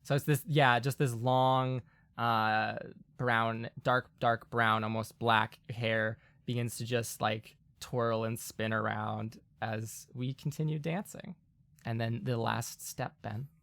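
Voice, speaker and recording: Tabletop player, male, middle pitch, crisp and bright, talks in loose rambling bursts. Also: fairly even intonation, slow pace, no room sound, studio quality. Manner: rambling, lots of fillers and laughter. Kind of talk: casual role-play chat.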